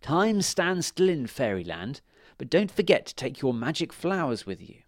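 A man reading a storybook, voicing a jolly, grand fairy king who speaks in a booming, stately way. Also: big pitch swings, normal speed, no room sound, clean studio sound.

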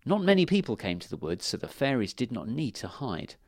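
Male storyteller for children's fairy tales, animated voice, dry close sound. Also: medium pitch, fairly quick, no room sound. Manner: lively, expressive storytelling.

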